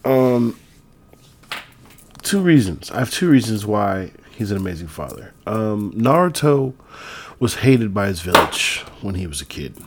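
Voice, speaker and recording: A man's voice: lowish voice, big pitch swings, unhurried, background noise. A man talking in a loose, rambling, profane casual monologue. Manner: rambling, profane, laid-back. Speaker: vlogger.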